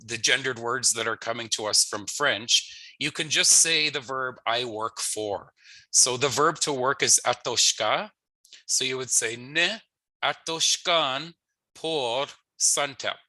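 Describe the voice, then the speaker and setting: A man teaching an online language lesson, slowly and patiently repeating phrases for his learners, with friendly joking asides. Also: mid-range voice, pushed and bright, no room sound, low-quality recording. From Canada.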